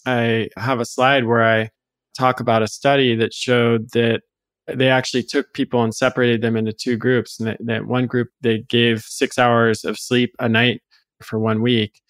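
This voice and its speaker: Man, podcast guest, measured and explanatory, mid pitch, dry close-miked sound. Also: level tone, a bit bright, no echo. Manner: explanatory, measured, with small restarts. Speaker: health expert guest. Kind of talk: conversational podcast interview.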